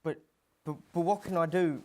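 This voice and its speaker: A man's voice: a little high, steady tone, normal speed, a little mellow, natural voice. A man playing a flustered talk show host who stammers and turns defensive in a comedy sketch.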